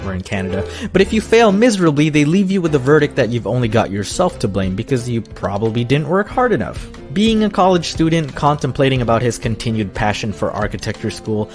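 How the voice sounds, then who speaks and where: A man in his thirties narrating a personal story in a sarcastic, self-mocking way. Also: medium pitch.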